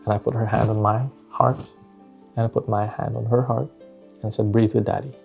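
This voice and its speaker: A man's voice: on the low side, little pitch movement, moderate pace, vocal fry, darkish tone, highs cut off, soft background music. A man, a father, telling a personal parenting story in a reflective, conversational way, often tagging his sentences with "right?" and "you know".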